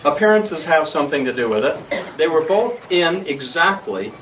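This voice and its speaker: A man's voice: on the high side, expressive, moderate pace, fairly bright tone, distant mic, a little hiss or hum, low-quality recording. A man leading a group discussion, prompting and explaining. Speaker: discussion leader.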